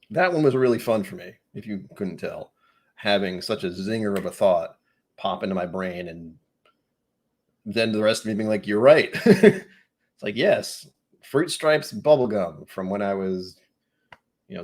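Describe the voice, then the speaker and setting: Husky man musing on a live stream. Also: on the low side, expressive, moderate pace, pauses often, darkish tone. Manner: rambling, self-mocking, reads chat comments aloud. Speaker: whiskey channel host. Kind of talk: casual live-stream tasting chat.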